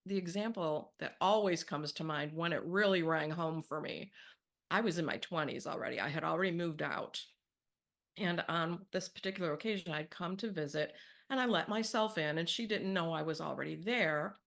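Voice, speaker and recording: A woman's voice: on the low side, moderate pace, vocal fry. A woman sharing a personal story in a candid, reflective way, acting out the people she quotes. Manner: candid, reflective, animated when quoting.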